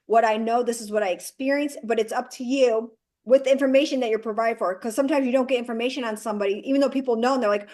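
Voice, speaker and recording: A woman in her forties, a guest actress, chatting in an interview in a direct, animated way. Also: a little high, rapid-fire. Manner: direct, animated storyteller who acts out quoted dialogue. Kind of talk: casual interview chat.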